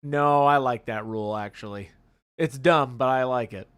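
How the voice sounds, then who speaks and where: A man co-hosting a live stream, reading chat aloud in animated, teasing banter full of exclamations. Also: medium pitch, normal speed, clean tone. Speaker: livestream co-host reading chat.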